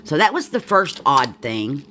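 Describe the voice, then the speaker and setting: Low-pitched and a bit bright, this woman with a Southern accent speaks very animatedly and a little slowly, with slight background noise. She's crafting a journal at home, chatting casually, thinking out loud, and wandering into asides.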